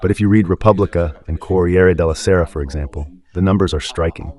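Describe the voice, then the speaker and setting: A man with a low voice delivers a loose, rambling commentary for a Catholic radio station. He talks informally and keeps throwing rhetorical questions at the listener. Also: fast talker, a little mellow. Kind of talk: casual spoken commentary.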